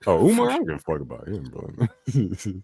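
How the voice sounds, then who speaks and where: A man's voice: deep voice, huge pitch swings, normal speed, creaky, warm tone, slightly rough, no room sound, clean studio sound. A man chatting casually on a podcast, laid-back and slangy, laughing often.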